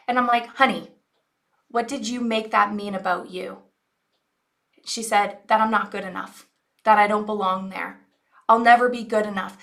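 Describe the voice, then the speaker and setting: Bright-voiced woman coach telling a story. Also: on the high side. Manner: earnest, reflective, coaching tone. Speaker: online business coach. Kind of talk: personal storytelling to an audience.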